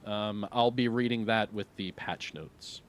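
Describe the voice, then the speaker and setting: A man's voice: lowish voice, measured pace, a little hiss or hum. A middle-aged man streaming live, chatting casually and reading viewer questions, laid-back and rambling with lots of fillers.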